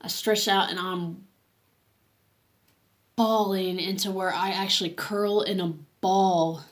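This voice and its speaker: A woman sharing a personal faith testimony in a casual, earnest way, reading from her journal and often pausing and restarting, sometimes dropping to a hush. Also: medium pitch, steady tone. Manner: halting and earnest, with many restarts and fillers.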